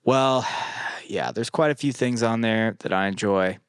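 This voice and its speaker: A young man co-hosting a podcast in casual chat, swearing freely and animated. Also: lowish voice, unhurried, smooth, no room sound. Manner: swearing, animated, quotes people in put-on voices. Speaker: podcast co-host.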